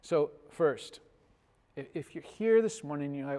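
Animated male pastor in a reverberant hall. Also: fairly high pitch, measured pace. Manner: animated storytelling, swells loud on punchlines, drops soft at ends. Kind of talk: sermon.

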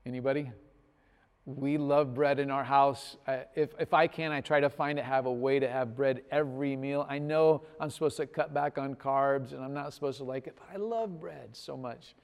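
A man preaching a sermon as pastor, telling a story with big swells in loudness and soft, trailing phrase endings. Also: mid-range voice, normal speed, long reverb tail. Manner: animated storytelling, swells loud on punchlines, drops soft at ends.

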